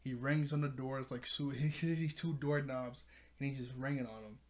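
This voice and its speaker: A man's voice: medium pitch, steady tone, normal speed. A man recapping a cartoon episode in a rambling way, often correcting himself. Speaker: video reviewer.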